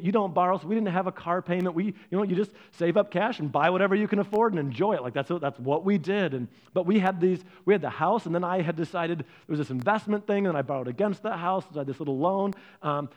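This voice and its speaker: A middle-aged man pastor preaching a sermon with energy, leaning on emphasis and repetition. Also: high-pitched.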